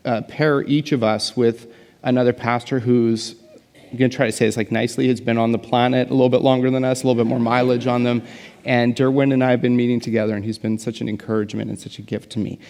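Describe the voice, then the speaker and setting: A man's voice: mid-range voice, a little mellow. A young adult man giving a casual, self-deprecating guest sermon, chatty and full of fillers and jokes. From Canada. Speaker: guest pastor. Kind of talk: conversational sermon. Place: large church hall. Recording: reverberant church hall.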